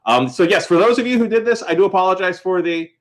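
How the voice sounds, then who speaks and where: A man's voice: high-pitched, expressive, quick pace. A man hosting a casual vlog update from home, rambling and apologetic, with many ums and restarts. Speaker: host of a small crafts business channel.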